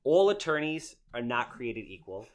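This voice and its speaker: A man's voice: mid-range voice, sing-song, moderate pace. A man with a nasal voice, hosting a podcast in brash, joking chat. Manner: brash, joking salesman patter. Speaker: podcast host. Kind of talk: casual interview chat.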